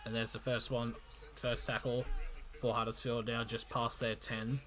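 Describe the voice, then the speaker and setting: A man calling a rugby league match live for his stream, in an amateur play-by-play style that jumps in excitement and often stumbles and corrects himself. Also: mid-range voice, moderate pace. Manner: excitable, frequent restarts and self-corrections.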